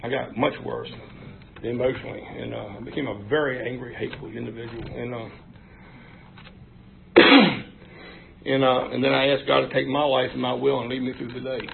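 A man tells his recovery story in a frank, folksy way, his voice deeply gravelly with heavy fry. The recording is thin and phone-like, with a faint hiss behind him. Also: little pitch movement, moderate pace, pauses often. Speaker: speaker sharing at a recovery meeting. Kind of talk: personal recovery testimony.

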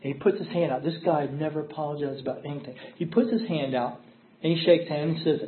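A man's voice: on the high side, fairly even intonation, fast talker, slight background noise. Middle-aged man sharing his story, tinny phone-like sound. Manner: candid, emphatic storytelling with repeated phrases. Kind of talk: recovery meeting share.

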